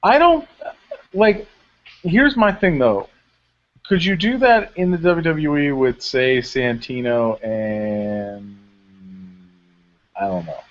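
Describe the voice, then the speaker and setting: A man co-hosting a casual podcast, retelling events with lively, acted-out quotes. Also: slow, pauses often. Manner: animated storyteller, acts out quotes in high voices. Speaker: podcast co-host recapping wrestling. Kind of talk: casual chat. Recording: dull lo-fi podcast audio.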